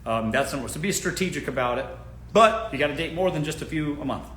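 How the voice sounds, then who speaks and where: A man's voice: a little high, quick pace, a bit bright, echoey room, slight background noise. A man hosting a live stream, giving blunt, joking dating advice straight to his listeners in casual talk.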